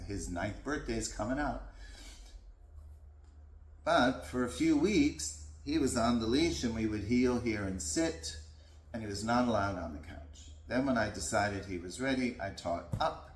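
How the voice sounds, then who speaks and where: Slow, calm male dog trainer. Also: on the low side. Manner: calm, patient explaining. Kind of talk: instructional talk. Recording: echoey room.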